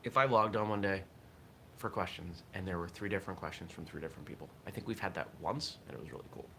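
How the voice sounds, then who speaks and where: A man with a low, deep voice hosts a casual morning livestream and talks his thoughts through as they come. His tone is bright and forceful. A faint hiss sits under the recording. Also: fast talker, gravelly. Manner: reflective, thinks aloud with restarts. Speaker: host of a martial arts morning show.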